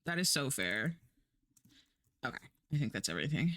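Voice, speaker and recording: A woman's voice: extremely low pitch, sing-song, moderate pace, a bit bright, no room sound. A woman streaming live, chatting casually and rambling while she works, laughing often and swearing now and then.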